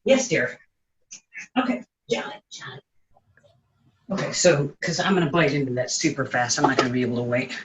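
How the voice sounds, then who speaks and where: A man's voice: mid-range voice, moderate pace, long pauses, noisy background. A man chatting casually through a home cooking vlog, making joking asides and talking to his cat in his kitchen. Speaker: home cook vlogger.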